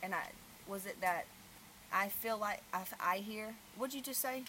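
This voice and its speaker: Animated mother hosting a podcast. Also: medium pitch, unhurried, a little hiss or hum. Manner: animated storyteller, swings loud when telling stories. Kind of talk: casual podcast chat.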